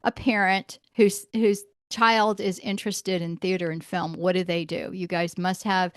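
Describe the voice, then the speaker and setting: A woman's voice: on the low side, unhurried, no echo, clean studio sound. A middle-aged woman hosting a podcast interview, telling stories with a lot of laughter and acting out the voices of the people she quotes. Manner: animated storyteller, acts out quoted voices, laughs often. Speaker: podcast host. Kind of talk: casual interview chat.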